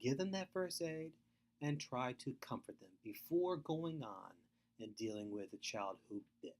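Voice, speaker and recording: Middle-aged male webinar presenter, earnest and emphatic, very lively pitch. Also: unhurried. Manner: earnest, emphatic, repeats points. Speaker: foster care speaker. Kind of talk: webinar lecture.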